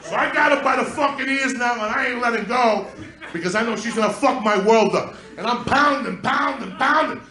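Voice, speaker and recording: A man doing stand-up storytelling from New Jersey, profane and animated, with loud bursts of shouting. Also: very high voice, brisk, roomy sound. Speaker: stand-up comedian. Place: comedy club stage with a laughing audience. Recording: live stage recording with crowd.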